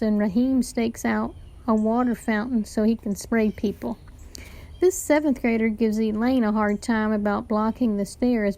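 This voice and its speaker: A woman's voice: on the high side, dark tone. Woman reading a children's novel aloud. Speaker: teacher reading aloud to a class.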